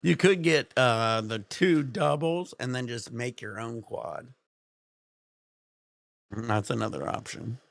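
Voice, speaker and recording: A man's voice: medium pitch, takes it slowly, creaky, long pauses, no echo. A man streaming from home, chatting casually in a rambling, laid-back way with plenty of swearing.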